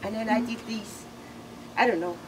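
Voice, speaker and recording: A middle-aged woman giving a personal eulogy, halting and emotional, laughing through tears. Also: a little high, distant mic. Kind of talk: personal eulogy, casual storytelling. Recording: noisy room ambience.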